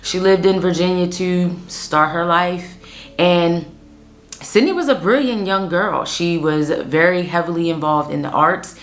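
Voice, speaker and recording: A woman's voice: lowish voice, a little slow. A woman in her thirties from Pennsylvania, hosting a true-crime show in a chatty, casual storytelling way that often addresses listeners as guys. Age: 30s. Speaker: host.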